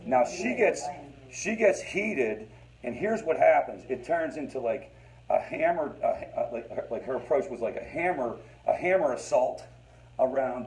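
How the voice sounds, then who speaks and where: A man's voice: mid-range voice, lively intonation, a little slow, darkish tone, rough recording. A man leading a family recovery group, talking conversationally to the room, repeating phrases for emphasis and calling his listeners "guys.". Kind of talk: informal teaching talk to a support group.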